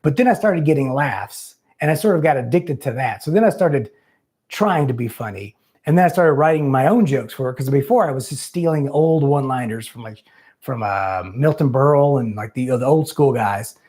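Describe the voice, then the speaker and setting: A man hosts a live call-in show in a loose, rambling way. He curses casually and pokes fun at himself. His voice sits at a plain middle pitch. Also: lively intonation, moderate pace, a little mellow. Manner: rambling, self-deprecating, loose and profane. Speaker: host.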